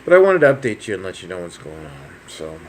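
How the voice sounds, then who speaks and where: A man in his thirties talks through a casual personal update in a lowish voice, with plenty of ums and restarts. The recording is noisy, with a clear hum of background noise under his voice. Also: very animated, fast talker. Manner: rambling, many fillers and restarts. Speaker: vlogger.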